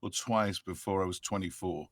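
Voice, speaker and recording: A middle-aged man from France talks through family stories on a podcast with a big, booming voice. His pitch sits low and the studio sound is close and dry. He slips into playful voices for his relatives now and then. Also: fairly even intonation, normal speed, dry recording. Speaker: guest actor. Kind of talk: casual interview chat.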